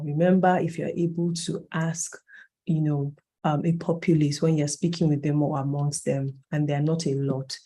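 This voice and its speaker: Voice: mid-range voice, mellow. A facilitator in their late thirties, lecturing a training cohort in a conversational way, stressing key points and correcting themselves mid-sentence. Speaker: workshop facilitator.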